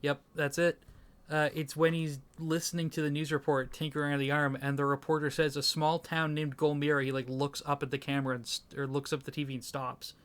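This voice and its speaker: A man's voice: fairly high pitch, flat delivery, a little fast, fairly bright tone, clear, resonant tone. A man co-hosting a casual movie review podcast, talking with enthusiasm, swearing casually and trailing off mid-sentence. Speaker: podcast co-host.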